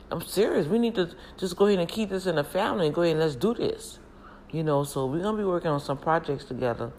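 A woman chatting casually to her viewers, telling family stories in an animated, talkative way with frequent laughs. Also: on the low side, fast, a little hiss or hum.

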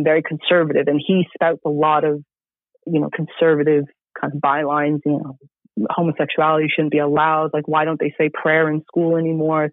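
A man's voice: fairly high pitch, no room sound. A man reviewing a film in casual podcast chat, enthusiastic and rambling with many fillers. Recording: tinny phone-like line.

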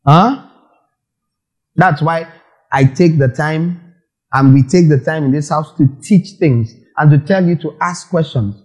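A man's voice: on the high side, a little slow, pauses often, darkish tone, poor audio. A man preaching a sermon as a pastor, asking the congregation questions and acting out quotes.

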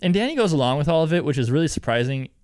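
A man's voice: a little high, expressive, rapid-fire, a little mellow, clear, resonant tone, dry recording, studio quality. A young man co-hosting a casual podcast, recapping a cartoon episode in a rambling way, full of "like", swearing and laughter. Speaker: podcast co-host.

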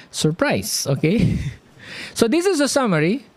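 Guy preaching, high voice that jumps around a lot, slow and dry. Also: no echo. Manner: lively, animated, drawn-out delivery, frequent "okay?" check-ins. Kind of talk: sermon teaching.

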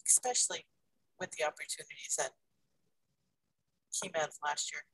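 A speaker in casual conversation, talking haltingly with many pauses and fillers. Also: mid-range voice, pushed and bright, breathy edge, poor audio.

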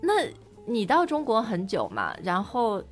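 Chinese lady host chatting half mandarin half english, lively ups and downs, faint music under. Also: mid-range voice, measured pace. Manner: switches between Mandarin and English, laughs often. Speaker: podcast host. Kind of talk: casual bilingual chat.

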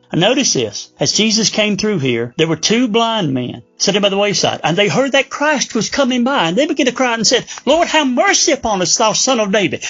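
A man preaching a fervent sermon as pastor, reading scripture slowly and rising to urgent appeals. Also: high-pitched, fairly bright tone, slightly rough, dull audio.

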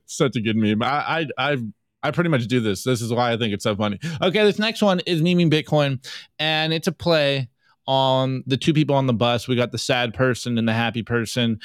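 Excitable podcast host, dry close sound. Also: male voice, medium pitch, brisk, smooth, dry recording. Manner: excitable, loose, swears, laughs a lot. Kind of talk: casual meme review chat.

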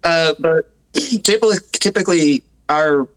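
A man's voice: on the high side, normal speed, low-quality recording. A man with a Southern Appalachian accent, a musician being interviewed, talking casually with restarts and self-deprecating asides. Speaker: musician guest.

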